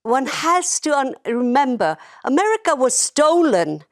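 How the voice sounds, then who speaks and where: Forceful, indignant female panelist. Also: high voice, very animated, unhurried, dry recording, clean studio sound. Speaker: studio guest commentator. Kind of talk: panel debate.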